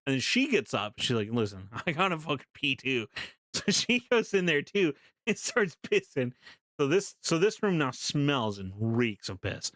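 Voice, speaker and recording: A young man casually telling a story to his live stream chat, animated, laughing often and swearing freely. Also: mid-range voice, normal speed, dry recording, studio quality.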